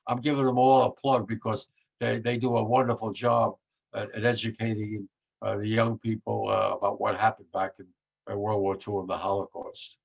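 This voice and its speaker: A man's voice: fairly low pitch, flat delivery, moderate pace, creaky, low-quality recording. A man in his nineties, a war veteran being interviewed, who talks in a rambling, emphatic way with many restarts and grows emotional. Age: 90s. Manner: gets emotional about his subject. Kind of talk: conversational interview.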